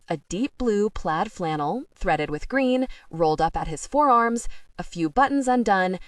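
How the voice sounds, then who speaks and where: A woman reading a first-person audiobook with expressive, lively narration. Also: lowish voice, dry recording, studio quality.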